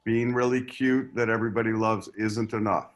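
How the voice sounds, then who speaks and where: A man's voice: fairly low pitch, steady tone, moderate pace. A man speaking as a guest agent in an online acting class, earnest and rambling with many restarts. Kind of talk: advice in a live video-call class. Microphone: video call.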